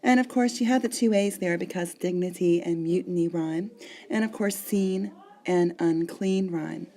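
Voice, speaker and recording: A woman teacher talks her class through a lesson one step at a time, breaking things down slowly. Her voice sits fairly low and has a gravelly, fry-tinged edge. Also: mellow. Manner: explains step by step, marking syllables. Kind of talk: classroom lecture.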